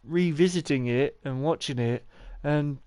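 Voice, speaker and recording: Guy gaming stream, stutters a lot, smooth clear voice, dry close sound. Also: a little high, a little slow, dark tone, no room sound. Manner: stuttering, rambling and encouraging. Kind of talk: live-stream commentary.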